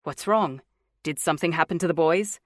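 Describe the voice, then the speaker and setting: A woman's voice: low-pitched, normal speed, no room sound, studio quality, natural voice. A woman voicing a tender, earnest young husband and father in an audiobook.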